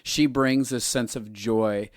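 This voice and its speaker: A man co-hosting a podcast in easy conversation, teasing and joking with his partner. His voice sits at a middle pitch and is recorded close and dry, with no room sound. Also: steady tone, slow pace, no echo. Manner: bantering, teasing. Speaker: podcast co-host. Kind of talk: casual chat.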